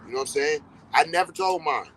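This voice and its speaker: A man's voice: fairly high pitch, quick pace, slight background noise, poor audio. A middle-aged man hosting a podcast, talking casually in a blunt, profane way and hammering points with repetition. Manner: animated storytelling with quoted dialogue. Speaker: podcast host. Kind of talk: casual monologue.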